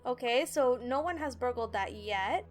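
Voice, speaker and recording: Brief: female let's play host, high voice, chatty walkthrough commentary, faint game music behind. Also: animated, normal speed. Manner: chatty, explains controls and reads tutorial text aloud. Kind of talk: casual gameplay commentary.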